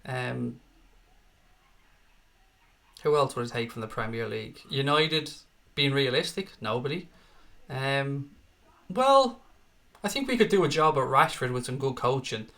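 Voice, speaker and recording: A man's voice: mid-range voice, animated, a little slow, gravelly, pauses often, bright, forceful tone. A young Irish man hosting a live stream, reading out viewer comments and answering them bluntly, with plenty of swearing. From Ireland. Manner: blunt, profane, reads out chat comments. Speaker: livestream host. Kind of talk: casual live-chat stream.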